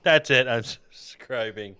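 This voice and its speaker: A man's voice: mid-range voice, a little slow, bright, forceful tone, smooth, no echo. A man hosting a podcast in casual chat, rambling and jokey with a self-deprecating streak. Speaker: podcast host.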